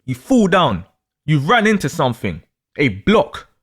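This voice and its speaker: A man narrating a second-person story with real drama in his delivery. His voice sits high for a man and leaps around in pitch. He is animated, pulling the listener along. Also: unhurried, breathy edge. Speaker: astrology storyteller.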